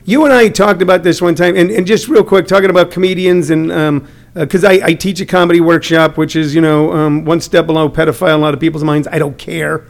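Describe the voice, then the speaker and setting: A man's voice: on the high side, fast talker, creaky. A middle-aged man, a comedian who teaches comedy, chatting casually and acting out the people in his stories. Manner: animated storyteller, acts out quotes. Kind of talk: casual chat.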